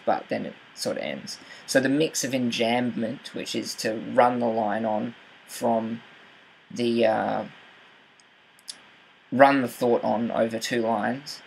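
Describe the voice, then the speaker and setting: A man's voice: medium pitch, creaky, a little hiss or hum, poor audio. A young man talking through how to read a poem closely, hesitant, with fillers and self-corrections. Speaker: writing channel host. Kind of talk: casual explanatory talk with poetry reading.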